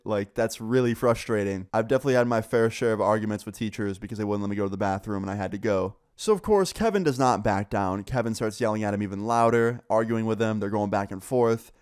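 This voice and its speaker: A young man casually telling a school story, animated and swearing, acting out what others said. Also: fairly low pitch, fast, hardly any pauses, clean tone. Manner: animated, swearing, acts out quoted voices. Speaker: storyteller vlogger.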